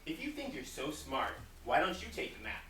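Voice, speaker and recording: Adam, a woman playing a stubborn low-voiced husband. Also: big pitch swings, brisk, a bit bright. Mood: bickering. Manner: defensive, bickering, sarcastic. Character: stubborn male Adam, won't ask directions. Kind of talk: stage acting in a class showcase. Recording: roomy hall from far off.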